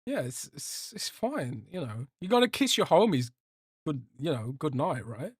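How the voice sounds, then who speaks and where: A man's voice: fairly high pitch, big pitch swings, moderate pace, husky, no room sound, clean studio sound. Rambling, swearing young man on stream. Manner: rambling, joking, swears a lot, trails off. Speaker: podcast host reading live chat. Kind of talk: casual livestream chat.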